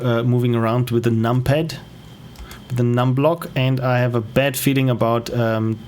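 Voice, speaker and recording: A man's voice: medium pitch, slight background noise. A man with a German accent giving casual, think-aloud commentary as he plays a strategy game on stream. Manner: thinking aloud, with frequent fillers and self-corrections.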